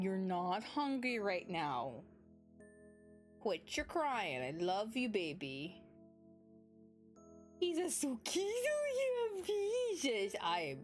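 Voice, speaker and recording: A young woman streaming a game, chatting casually and cooing baby talk to her pets. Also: medium pitch. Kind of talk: casual gameplay commentary. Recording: faint music behind.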